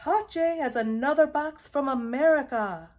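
A woman voicing an excitable Dutch postman who hollers his news, in a storybook read aloud. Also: a little slow, breathy edge, heavily acted. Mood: excited. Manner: hollering, booming. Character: excitable Dutch postman, man, jolly and loud.

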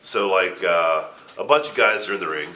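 A man's voice: low-pitched, expressive, normal speed, bright, forceful tone, a little hiss or hum. A middle-aged man in an interview, telling a story in a casual way with a lot of swearing, laughter and stammered restarts. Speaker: interview guest, wrestler.

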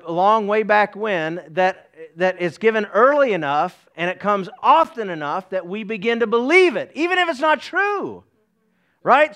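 High-voiced folksy pastor man. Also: fairly bright tone. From East Tennessee. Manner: folksy, joking asides to the congregation. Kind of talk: sermon.

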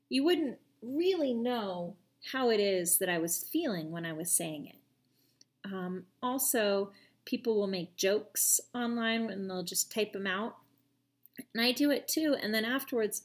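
A woman teacher giving a video lesson to children, speaking gently and patiently and asking them questions directly. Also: mid-range voice.

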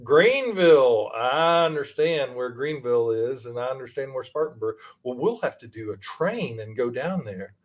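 A man speaking at an ordinary middle pitch, interviewed as an author. He chats loosely and keeps slipping in teasing jokes and banter. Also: expressive, normal speed, hardly any pauses. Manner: joking, playful banter. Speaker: author guest. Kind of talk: casual interview chat.

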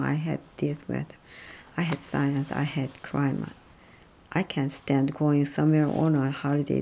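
A woman reading short practice sentences and dialogues aloud, halting and restarting when she trips over words. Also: sits low, gravelly, mellow. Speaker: reader.

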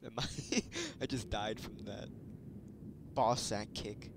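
Casual let's-play host, jokey and sweary, lively pitch, noisy recording. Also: male voice, takes it slowly, vocal fry. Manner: excitable, jokey and swearing, laughs often. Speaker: gaming video host.

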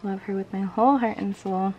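A young woman chatting casually as she unboxes merchandise, gushing with breathy exclamations that often drop to a whisper. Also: mid-range voice, fairly even intonation, brisk, highs cut off, slight background noise. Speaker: unboxing vlogger.

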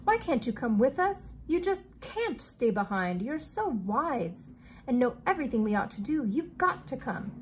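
A woman's voice: sits high, big pitch swings, moderate pace, a little hiss or hum. Woman reading as a pleading young boy.

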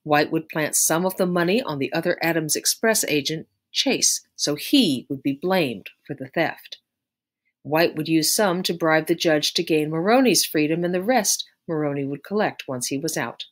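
A woman narrating a story aloud in a measured, expressive way. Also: low-pitched. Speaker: audiobook narrator.

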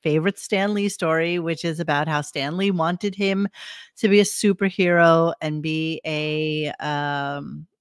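A woman's voice: sits low, measured pace, clean tone, no echo, studio quality. A woman co-hosting a podcast, mocking the radio clips she plays in a casual chat. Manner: sarcastic, mocking commentary. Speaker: podcast co-host.

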